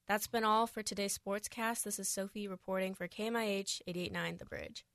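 Woman sports reporter, steady scripted radio read, dry close mic. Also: medium pitch, a little fast, no echo. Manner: steady newsreader delivery. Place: radio studio.

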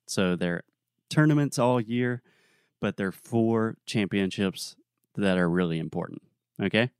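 A young adult man co-hosting a podcast, telling a story in a relaxed, casual way with plenty of fillers. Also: lowish voice, measured pace, clean tone, no room sound, studio quality. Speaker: podcast co-host.

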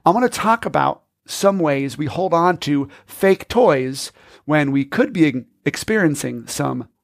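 A man's voice: a little high, animated, unhurried, gravelly, no room sound, studio quality. A man hosting a podcast, telling a story in an upbeat, casual way. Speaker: podcast host.

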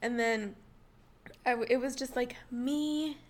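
A woman co-hosting a podcast, telling a story in a casual, animated way, acting out gasps and laughing often. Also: fairly high pitch, a little slow. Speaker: podcast co-host.

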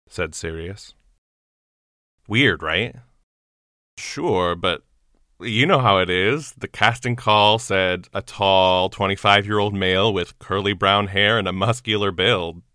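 Young male actor, lowish bright voice, storyteller who acts out the dialogue, dry close mic. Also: no echo. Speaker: actor reading a short story. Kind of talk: storytelling narration and casual reflection.

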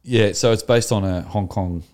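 A man's voice: fairly low pitch, moderate pace. A man, co-hosting a casual podcast chat and telling things with enthusiasm. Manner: enthusiastic, animated storytelling. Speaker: podcast co-host.

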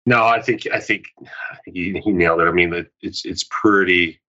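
A man as a podcast guest in relaxed casual chat, acting out small quoted exchanges. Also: deep voice, moderate pace. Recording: dull lo-fi audio.

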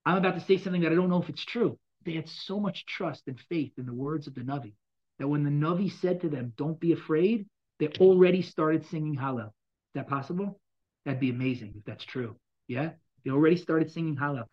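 A man teaching a Bible class, reading verses aloud and explaining them in a dramatic, animated way, from loud bursts to quiet asides. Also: on the high side, a little fast, lo-fi sound. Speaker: Torah teacher.

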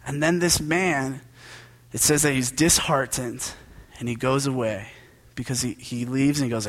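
A young man giving a casual, joking sermon as a preacher, talking to the congregation like friends. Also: a little high. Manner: conversational and joking, with quick asides.

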